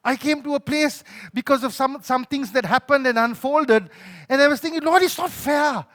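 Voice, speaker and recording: A male pastor with a Sri Lankan accent preaching a sermon, telling a personal story with emotion and moving between loud pleading and quiet, soft moments. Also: extremely high pitch, normal speed.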